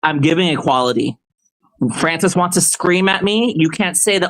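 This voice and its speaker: A man's voice: a little high, expressive, a little fast, fairly bright tone, rough recording. A man in casual livestream chat, answering a question in a rambling way, full of restarts and stammers, turning heated and confrontational as he rants. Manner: heated and confrontational when ranting.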